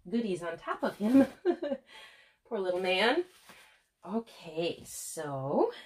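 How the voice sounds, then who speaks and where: A vlogger with a Midwestern accent and a lowish, husky voice films an unboxing at home on a tripod-mounted camera. She gushes and gasps with excitement.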